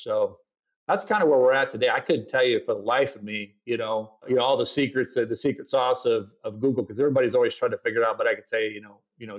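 A middle-aged man, speaking as a podcast guest in a relaxed, conversational way. He tells his story with energy and acts out his own quoted lines along the way. His voice sits in the middle range. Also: mid-range voice. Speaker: podcast guest, agency founder. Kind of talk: casual storytelling interview.

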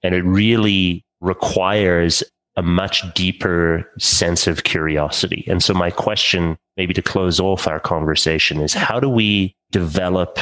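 Deep-voiced male podcast host. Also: a bit bright, rough recording. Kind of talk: interview questions.

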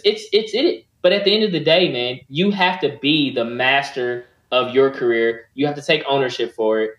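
A man sharing career advice on a video call, animated and prone to repeating words when emphatic. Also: medium pitch. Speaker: panelist. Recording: roomy echo on a call.

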